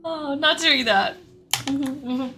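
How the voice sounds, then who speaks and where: Giggly high-voiced young woman streamer. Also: slow, bright, forceful tone, faint music behind. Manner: giggly, chatty, thanks viewers. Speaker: livestreamer. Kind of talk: casual live-stream chat.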